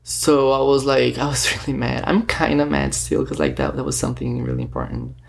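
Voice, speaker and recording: Guy rambling into his camera, lots of likes and you knows, creaky gravelly voice. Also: mid-range voice, big pitch swings, fairly quick. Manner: rambling, filler-heavy, retells talks with quoted dialogue. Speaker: vlogger. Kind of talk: casual storytelling monologue. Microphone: self-recorded camera or phone.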